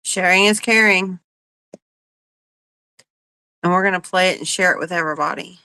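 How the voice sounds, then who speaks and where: A woman's voice: lowish voice, moderate pace, pushed and bright, clear, resonant tone, dry recording, low-quality recording. Woman in a profane, furious rant. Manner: profane, confrontational, emphatic. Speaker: livestream host. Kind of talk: angry livestream rant.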